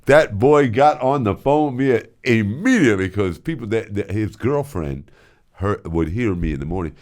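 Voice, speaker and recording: A man's voice: fairly low pitch, expressive, normal speed, darkish tone. An older man and former radio host telling stories casually and animatedly, slipping into voices and sound effects. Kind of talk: casual storytelling.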